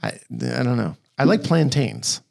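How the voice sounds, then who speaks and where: Middle-aged male co-host, gravelly, rambling, animated; dry studio sound. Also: mid-range voice, a little slow, no echo. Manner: rambling, restarts often, animated. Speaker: podcast co-host. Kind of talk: casual chat.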